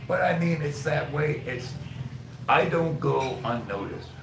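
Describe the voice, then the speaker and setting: A man's voice: fairly high pitch, measured pace. Rambling American man, echoey and noisy. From United States. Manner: chatty, rambling, jumps between topics. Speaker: vlogger. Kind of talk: casual chat. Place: outdoors. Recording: echoey with loud ambient noise.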